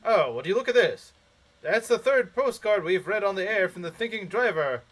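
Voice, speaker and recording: A man's voice: high-pitched, lively intonation, moderate pace, voice pushed up. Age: adult. Figure: a man doing a cheesy radio DJ. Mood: cheery. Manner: bright showy announcer delivery. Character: cheesy upbeat male radio DJ.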